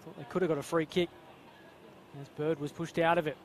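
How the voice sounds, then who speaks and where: A man's voice: on the high side, flat delivery, brisk, some chatter behind, a little hiss or hum. A man with an Australian accent giving chatty live football analysis, with some hesitant restarts. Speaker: expert commentator. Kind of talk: live sports commentary.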